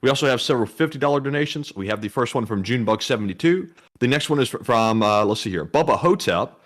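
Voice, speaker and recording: A man co-hosting a livestream, reading donor names in a steady voice and stumbling over his words now and then. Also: medium pitch, fast talker. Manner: steady, reads long name lists, stumbles at times. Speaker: co-host reading donations. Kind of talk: casual livestream chat.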